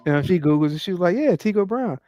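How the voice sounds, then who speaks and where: A man in his thirties chatting casually as a podcast co-host, telling stories with lively acted-out asides. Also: high-pitched, quick pace, soft background music. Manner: animated storyteller acting out his own inner voice. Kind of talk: casual chat.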